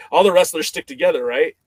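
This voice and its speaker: A man's voice: on the high side, normal speed, dry recording. Chatty man telling a story. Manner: animated, laughing, many fillers and restarts. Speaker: podcast guest. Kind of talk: casual storytelling.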